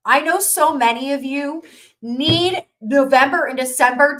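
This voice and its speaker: An energetic woman coach speaking live to her audience with a somewhat high voice. She talks emphatically, building rhythm by repeating her phrases, pushing her listeners to think differently. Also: unhurried. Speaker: business coach hosting a live workshop. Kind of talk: motivational live stream.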